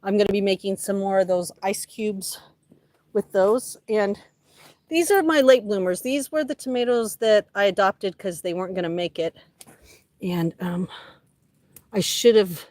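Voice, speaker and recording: A woman's voice: mid-range voice, a little mellow, dry recording. Chatty woman touring her garden. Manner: chatty, talks to her plants by name. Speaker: livestream host. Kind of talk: casual chat.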